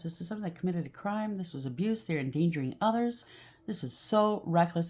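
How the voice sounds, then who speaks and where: Low-voiced woman giving a blunt tarot reading. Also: darkish tone. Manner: emphatic, repetitive, blunt judging tone. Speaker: tarot reader.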